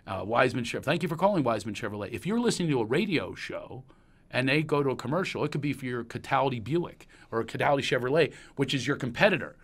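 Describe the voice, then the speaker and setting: A middle-aged man with a Pennsylvania accent hosts a casual podcast conversation. His pitch sits mid-range, and he tells long, winding stories that turn animated as he recalls anecdotes. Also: fast talker. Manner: rambling and storytelling, animated when recalling anecdotes. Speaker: podcast host. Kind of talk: casual chat.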